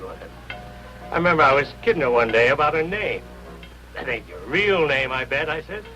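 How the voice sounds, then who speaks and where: A folksy older doorman, bright and sharp, plain street talk; lo-fi radio drama with music under it. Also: on the high side. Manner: folksy, ungrammatical slang. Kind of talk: 1950s radio drama acting. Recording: dull lo-fi old radio recording.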